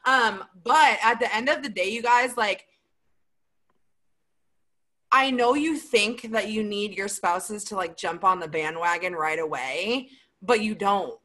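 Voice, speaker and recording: A young woman who leads a sales team answers questions in a motivational livestream, chatty and emphatic, full of "like" and "you guys." Her voice is medium-pitched and a bit bright, and she talks a little slowly. The recording quality is low.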